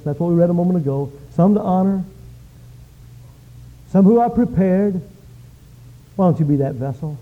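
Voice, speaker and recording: A male pastor preaching a sermon, telling stories with lively swings from quiet to shouting. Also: high-pitched, moderate pace, long pauses. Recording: dull lo-fi sound.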